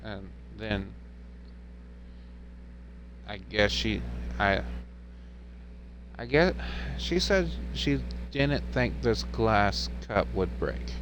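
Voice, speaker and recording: A man's voice: on the low side, expressive, drawn-out words, long pauses, fairly bright tone, a little hiss or hum. A man in his twenties, a streamer, telling a story to his live stream in a rambling, laid-back way.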